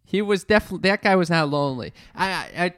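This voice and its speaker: A man's voice: high voice, animated, fast, fairly bright tone, no echo, clean studio sound. A man co-hosting a casual podcast, a stand-up comic who talks emphatically, swears a lot and stammers through restarts.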